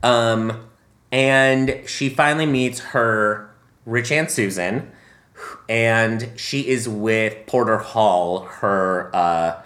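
A man's voice: lowish voice, very slow, a bit bright, reverberant. A man co-hosting a casual film review chat, chatty and laughing often, with many ums. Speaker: podcast co-host.

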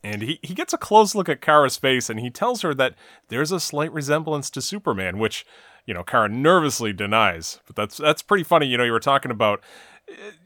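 A podcast co-host recaps a TV episode in casual chat, his medium-pitched voice very animated, brisk, bright, and forceful. He runs through the plot in long, run-on stretches. The sound is dry and close, with no room around it.

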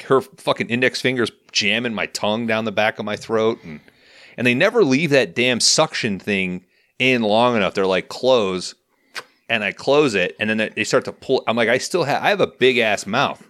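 A man in casual chat, telling crude, animated stories about the dentist. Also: on the low side, normal speed, no room sound, clean studio sound. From St. Louis.

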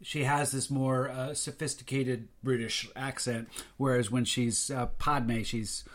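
A man co-hosting a casual chat about a TV series, relaxed and hesitant with many fillers. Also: medium pitch, a little slow. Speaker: podcast co-host.

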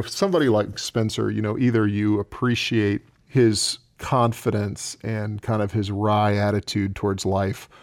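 A man's voice: lowish voice, vocal fry, darkish tone, no room sound, studio quality. A man from the American South, a crime novelist answering radio interview questions in a rambling, chatty way with many fillers.

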